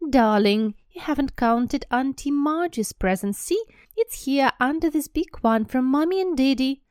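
A woman voicing a doting, anxious mother who coaxes in a shrill, high voice, reading a storybook aloud. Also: lively intonation, measured pace, a little mellow, clean tone, no room sound, clean studio sound. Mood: coaxing. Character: fussing doting middle-aged mother, anxious.

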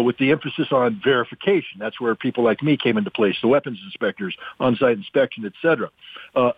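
A blunt, forceful man speaks over a tinny telephone line as a radio guest. He hammers his points home with emphasis, in a mid-range voice. The line is dry, with no room sound around it. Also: mid-range voice, no room sound. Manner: blunt, emphatic, acts out quotes in mocking voices. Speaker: guest analyst, former weapons inspector. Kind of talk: radio call-in commentary. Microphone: phone line.

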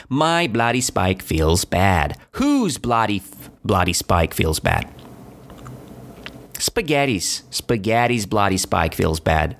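Male language teacher: slow, very lively pitch, keeps asking "right?" while he walks the class through a story. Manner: repeats and checks understanding with "right?" and "okay?". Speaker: English teacher.

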